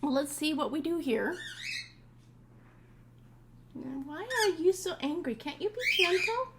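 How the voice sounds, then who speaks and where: Woman, high voice, slow and unhurried, coos at pet birds in a sing-song way. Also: lively intonation, noisy background. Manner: cooing, sing-song baby talk to birds. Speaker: pet bird owner vlogger. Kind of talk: casual talk to pet birds. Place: home room with pet parrots. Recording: loud parrot squawks over voice. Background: screeching parrots.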